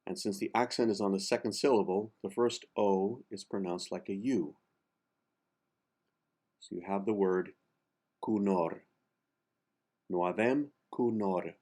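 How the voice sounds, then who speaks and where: A man teaching the pronunciation of a song text, speaking slowly and carefully, spelling out sounds and repeating words one syllable at a time. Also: sits low, steady tone, a little mellow. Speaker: diction coach. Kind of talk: pronunciation lesson for singers.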